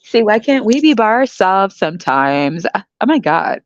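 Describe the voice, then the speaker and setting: A woman hosting a podcast in a casual comedic rant, animated and slangy, often breaking into laughter. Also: mid-range voice, normal speed, no echo, dull audio. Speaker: podcast host.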